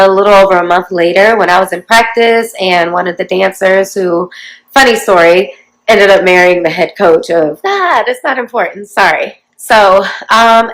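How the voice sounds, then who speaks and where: A woman in her forties with a slightly low voice talks straight to her viewers and tells her own story. Her delivery is chatty and confiding, like a casual vlog. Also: fairly bright tone, rough recording. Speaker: vlogger telling her life story.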